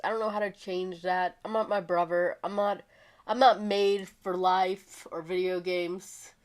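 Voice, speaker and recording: A woman streaming a video game, chatting casually in a hoarse voice from a cold, rambling with many fillers and restarts. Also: medium pitch. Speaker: gaming streamer. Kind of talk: casual livestream chat. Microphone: streaming microphone.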